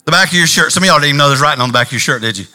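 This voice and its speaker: A man preaching a sermon as pastor, animated, swinging between loud bursts and slow, quiet stretches. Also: a little high. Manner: animated preacher, shifting volume and pace.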